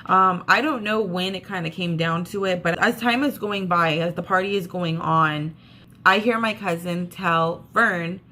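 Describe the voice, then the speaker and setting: A woman's voice: lowish voice, a little slow, sharp tone. A woman vlogger telling a story in a casual, chatty way. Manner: chatty, acts out what others said.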